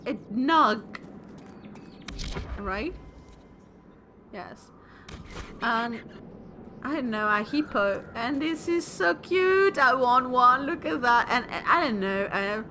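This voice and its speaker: Woman, game stream commentary, slow-paced, lively pitch, excitable, tired. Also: a little hiss or hum. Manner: chatty, excitable, swears and laughs. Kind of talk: casual let's-play commentary.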